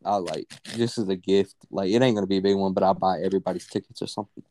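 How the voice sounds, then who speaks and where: Low, mellow young man chatting casually. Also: fairly even intonation, fast. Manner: rambling, filler-heavy, swears casually. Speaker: podcast co-host. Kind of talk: casual unscripted chat.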